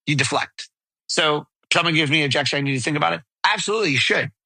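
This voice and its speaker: Bright, punchy man coaching sales. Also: on the high side, fast, creaky, no echo, poor audio. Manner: role-plays sales dialogue, energetic and direct. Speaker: podcast host. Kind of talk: solo sales coaching talk. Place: outdoors.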